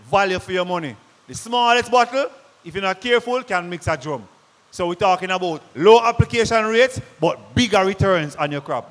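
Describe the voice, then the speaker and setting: A man with a Jamaican accent giving an energetic product presentation to farmers, firing questions at the crowd. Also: high voice. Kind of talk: lively sales presentation to a live audience. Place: large conference hall. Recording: long hall reverb.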